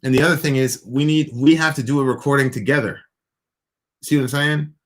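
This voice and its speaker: A man's voice: medium pitch, steady tone, brisk, fairly bright tone. An American man co-hosting a casual talk show, rambling with many hesitant restarts. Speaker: podcast co-host. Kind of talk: casual chat.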